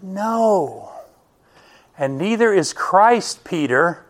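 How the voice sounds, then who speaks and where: A middle-aged male pastor preaching with a notably high voice and an unhurried, deliberate pace. He speaks emphatically and keeps turning to his listeners with rhetorical questions. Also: animated, fairly bright tone. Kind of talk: sermon.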